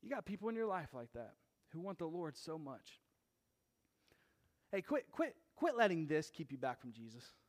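High-voiced man preaching a lively sermon. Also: moderate pace. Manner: casual and joking, building to emphatic shouting. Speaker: pastor.

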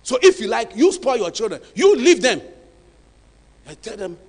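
Male pastor; high, animated delivery; emphatic, hushed to shouting. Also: normal speed, big-room sound. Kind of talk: sermon.

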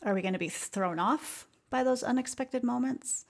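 A woman hosting a podcast, talking in an earnest, reflective way about music and life, with soft asides. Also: on the high side, moderate pace. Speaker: podcast host.

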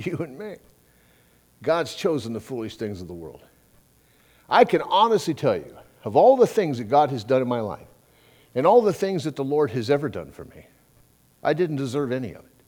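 A man's voice: medium pitch, sing-song, moderate pace, darkish tone. A middle-aged male pastor preaching a sermon in a conversational way, with folksy asides and quoted exchanges.

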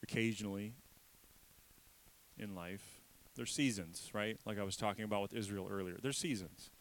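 A man with a low-pitched voice delivers a sermon as a pastor. He speaks emphatically and repeats phrases for weight. He swings from loud lines to quiet, hushed ones. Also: normal speed, slight background noise, poor audio.

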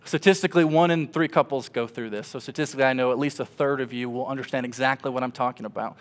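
A man in his twenties, a pastor, preaching a sermon as an emotional story, swinging from loud animated passages to hushed ones. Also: mid-range voice, fast talker.

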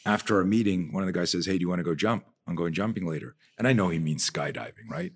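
Deep, husky-voiced man telling stories. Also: fast talker. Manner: animated storyteller, trails off and restarts sentences. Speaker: guest, fear-management and martial arts trainer. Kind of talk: conversational podcast storytelling.

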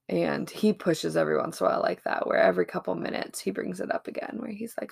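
A woman's voice: fairly low pitch, steady tone, fast talker, vocal fry, hardly any pauses, dry recording, studio quality. A woman, co-hosting a podcast and telling family stories in a chatty way with laughs. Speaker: podcast co-host. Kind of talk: casual chat.

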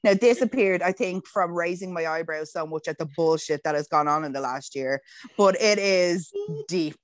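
A woman's voice: fairly low pitch, moderate pace, no echo. A woman, chatting casually and frankly, swearing freely and laughing often. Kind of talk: casual chat.

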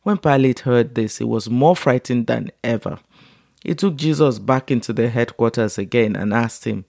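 A man reading scripture aloud at a measured, unhurried pace. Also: medium pitch, vocal fry, warm tone, no room sound, clean studio sound. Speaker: Bible reader.

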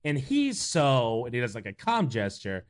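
Animated laughing male podcast host. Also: medium pitch, normal speed. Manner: animated, laughing, acts out quotes. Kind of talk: casual chat.

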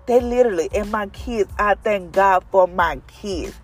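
A middle-aged mother talks straight to her viewers about faith and hard times, earnest and emphatic, circling back on key phrases for weight. Soft music plays faintly underneath. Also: medium pitch, moderate pace. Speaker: mother sharing a faith testimony. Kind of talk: heartfelt faith talk to viewers.

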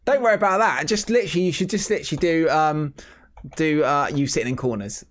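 Excitable podcast co-host. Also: male voice, a little high, quick pace, a little hiss or hum. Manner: excitable, rambling, laughs a lot. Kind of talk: casual chat.

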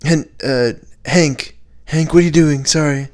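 A man's voice: fairly high pitch, steady tone, unhurried, a little mellow, pitched above the performer's own voice, close to an everyday voice. A young man doing a comedic impression of an older male president during an improv game. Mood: flustered.

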